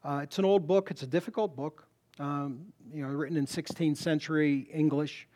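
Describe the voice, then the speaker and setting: A middle-aged man preaching a sermon in a church, emphatic, repeating words and rising to loud punchlines. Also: on the high side, steady tone, moderate pace.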